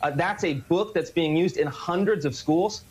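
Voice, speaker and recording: A man's voice: fairly high pitch, moderate pace, poor audio. A man as an interview guest on a television segment, making an earnest argument with repeated phrases and filler words.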